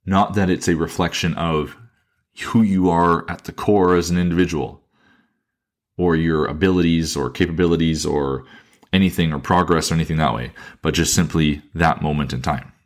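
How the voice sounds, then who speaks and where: A man with a very low voice speaks on his own podcast in his thirties. He sounds earnest and reflective, circling back over his phrases and slowing down to stress his points. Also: fairly even intonation. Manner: earnest and thoughtful, repeats phrases and restarts, slows down to stress points. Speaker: podcast host, fitness coach. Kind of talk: reflective solo podcast monologue.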